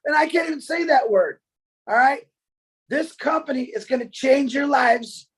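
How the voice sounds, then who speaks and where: A man's voice: very high-pitched, moderate pace, fairly bright tone, husky, rough recording. A man giving a fervent motivational webinar speech, repeating himself and often raising his voice. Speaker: webinar presenter.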